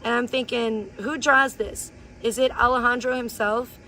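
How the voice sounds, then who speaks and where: A woman live streamer ranting in blunt, crude, gossipy chat and sometimes breaking into high playful chants. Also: steady tone, normal speed, sharp tone, a little hiss or hum. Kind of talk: casual IRL livestream chat.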